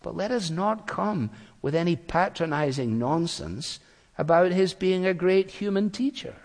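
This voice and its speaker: A man preaching a sermon, speaking earnestly and slowing down to quote scripture. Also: sits high, expressive, in a large hall. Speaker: pastor.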